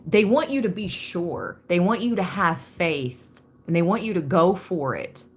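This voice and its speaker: A woman giving a spiritual card reading. She reads the messages slowly and with emphasis, then slips into casual asides. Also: fairly low pitch, lively intonation, husky. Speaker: tarot reader.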